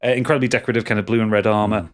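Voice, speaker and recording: A man's voice: fairly low pitch, steady tone, racing. Man narrating a tabletop game. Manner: casual and playful, stumbles and repeats words. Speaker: game master.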